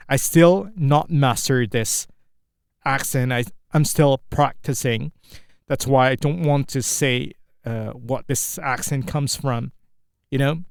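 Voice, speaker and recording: A young Indonesian man with an Indonesian accent, practicing spoken English alone in a vlog. He talks in a halting way, stopping and restarting often as he searches for words. His voice is smooth and resonant, and it is recorded close and dry, with no room sound. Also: medium pitch, dry recording. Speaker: English learner. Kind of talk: solo speaking practice.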